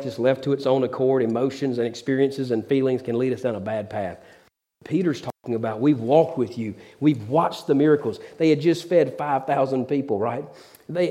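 A man delivering a sermon in a church with a warm, mellow tone. He preaches conversationally, tells stories and throws asides to the congregation. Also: medium pitch. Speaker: pastor.

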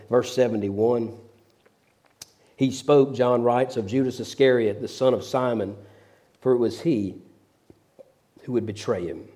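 Mellow-voiced man preaching a sermon. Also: medium pitch. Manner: storytelling, conversational preaching with asides to the congregation. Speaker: pastor.

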